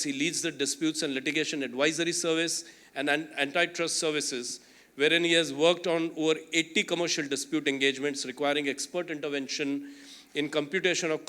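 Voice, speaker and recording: A man moderating a conference panel, talking in a chatty, self-deprecating way with plenty of "you know". His voice sits a little high for a man, and his tone is bright and forceful.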